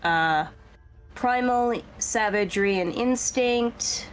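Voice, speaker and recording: A woman running a tabletop game over voice chat, recapping the last session in a casual, quick way with many fillers. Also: fairly high pitch, faint music behind. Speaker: game master.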